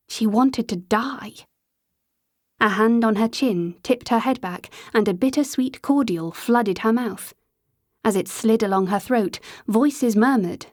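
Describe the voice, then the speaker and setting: A woman narrating an audiobook in a scripted reading, slowing to a drawn-out, dreamy pace in the hazy passages. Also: on the high side, darkish tone, dry recording, studio quality.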